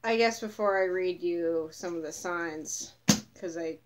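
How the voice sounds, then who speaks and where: A tired woman with a lowish voice, telling a story to camera in a loose, rambling way. She swears often and leans into sarcasm, sounding worn out but still pointed. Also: unhurried, noisy background. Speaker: vlogger.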